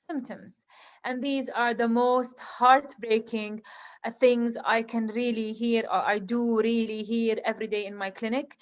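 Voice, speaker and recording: A woman who is an eye doctor, lecturing in English with an Arabic accent, halting and earnest with many ums. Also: a little high, dull audio.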